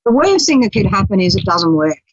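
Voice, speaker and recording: A woman's voice: mid-range voice, very animated, fairly quick, husky, no echo. A woman hosting a spiritual talk radio show, chatting casually, laughing often and acting out quoted voices. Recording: dull lo-fi radio audio.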